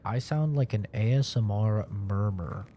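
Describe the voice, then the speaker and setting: A man's voice: fairly low pitch, measured pace, dark tone, a little hiss or hum. Sarcastic, swearing young male streamer. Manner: sarcastic, profane, chatty. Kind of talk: casual gaming commentary.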